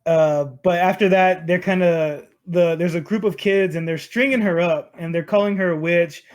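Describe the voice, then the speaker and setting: A man recapping a film for his podcast co-hosts in loose, profane chat, full of fillers and restarts. His voice sits fairly high. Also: fairly even intonation, moderate pace. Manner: rambling, profane, lots of fillers. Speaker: podcast host. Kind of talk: casual movie recap chat.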